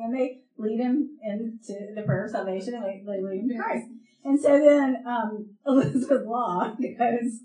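A woman pastor from the American South, telling a lively story in a sermon and acting out the people in it, with a light Southern accent. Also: on the high side, moderate pace, roomy sound, rough recording. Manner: animated, laughing storyteller acting out quoted voices.

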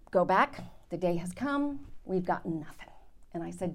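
A woman Bible teacher giving an animated, dramatic testimony to her class, with laughs. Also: lowish voice, moderate pace. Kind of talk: sermon storytelling.

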